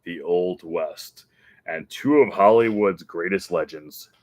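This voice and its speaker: Man doing a dramatic deep ride announcer. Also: slow pace, no room sound. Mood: grandiose.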